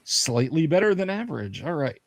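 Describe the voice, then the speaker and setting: A man's voice: on the high side, big pitch swings, a little fast, gravelly, no echo. A man running a tabletop game as game master, narrating with many fillers and joking asides.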